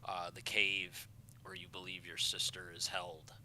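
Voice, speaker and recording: A man narrating a tabletop game as game master, halting and full of filler sounds. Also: deep voice, level tone, sharp tone, slight background noise.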